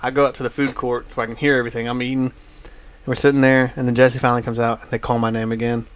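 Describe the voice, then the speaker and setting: A man's voice: medium pitch, little pitch movement, quick pace, clear, resonant tone. Guy on a podcast rambling through a travel story, lots of uh and like. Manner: rambling anecdote with many fillers. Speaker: podcast co-host. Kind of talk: casual storytelling chat.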